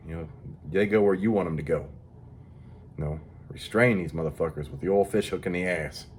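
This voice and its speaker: Man, low voice, profane rambling vlog talk, tired, faint background hiss. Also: brisk. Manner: profane, rambling, mock-tough. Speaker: vlogger. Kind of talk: crude casual monologue.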